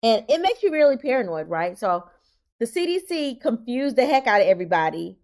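A woman co-hosting a podcast who works in healthcare, explaining things in a plain, emphatic, animated way. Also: on the high side, brisk. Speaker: podcast co-host, healthcare worker. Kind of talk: casual podcast chat.

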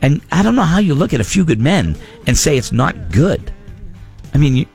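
A man's voice: fairly high pitch, sing-song, moderate pace, vocal fry, a little mellow, faint music behind. A man hosting a radio show, bantering in casual, opinionated talk.

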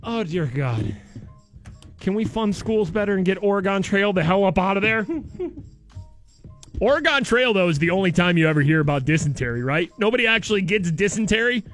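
A man with a notably high voice hosts a morning radio show, rambling in a loose, joking way. A faint music bed plays under his talk. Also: animated, normal speed, fairly bright tone. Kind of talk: casual radio banter.

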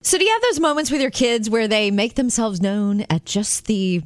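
A woman's voice: a little high, normal speed, dry recording, studio quality. Chatty woman radio co-host. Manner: animated storyteller, laughs often. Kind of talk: casual radio chat.

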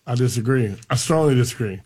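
A man co-hosting a radio talk show with a slightly husky voice, firing off quick jokes and contrarian quips. He talks rapidly in loose, casual banter. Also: mid-range voice, a little mellow. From Florida. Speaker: radio co-host.

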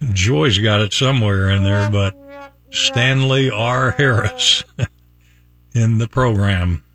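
A man's voice: on the low side, takes it slowly, pauses often, a bit bright, soft background music. An older man from Virginia hosting a morning radio show, telling a rambling story and chuckling often. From Virginia, USA. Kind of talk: chatty on-air storytelling. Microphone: studio mic.

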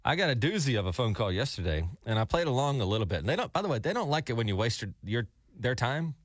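A man's voice: medium pitch, fast talker, no room sound, clean studio sound. A man from Alabama hosting a morning radio show, chatty and telling stories. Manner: chatty storyteller, animated. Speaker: radio host.

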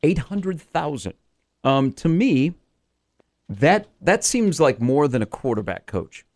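A man's voice: mid-range voice, big pitch swings, slow, a little mellow. Chatty male sports radio host. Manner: rambling, many filler words. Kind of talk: casual sports talk radio.

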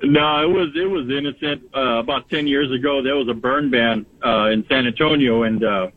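A man's voice: mid-range voice, steady tone, normal speed, no echo. Rambling male caller on a phone line. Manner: rambling, many "uh" and "you know". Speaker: radio caller. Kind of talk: telling a story on the phone.

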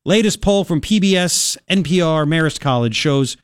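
A man in his forties hosting a talk radio show, joking with his co-host and telling animated stories between political commentary. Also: on the high side, moderate pace, no room sound, studio quality. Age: 40s. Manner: joking, teasing, animated storytelling. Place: radio studio. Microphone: studio mic.

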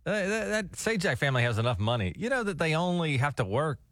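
A man's voice: on the high side, very animated, fast talker, fairly bright tone, no room sound. Easygoing male radio host, dry studio. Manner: easygoing, chatty, wry asides. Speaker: radio morning show host. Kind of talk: casual morning radio banter. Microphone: studio microphone.

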